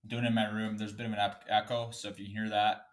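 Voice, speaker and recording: A man's voice: fairly low pitch, level tone, quick pace. A man hosting a solo podcast from his bedroom, ranting angrily and swearing a lot, a bit sniffly. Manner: angry, profane, swears often. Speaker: podcast host.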